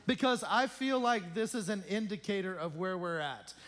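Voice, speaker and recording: Chatty male pastor with a high voice, joking with his congregation during church announcements. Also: lively intonation, normal speed, a bit bright. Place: church sanctuary.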